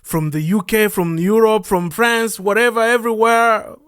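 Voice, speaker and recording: A man's voice: high voice, steady tone, moderate pace, fairly bright tone, smooth. Earnest Congolese man hosting a podcast. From Democratic Republic of the Congo. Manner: earnest, rambling, asks himself questions. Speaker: podcast host. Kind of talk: casual monologue.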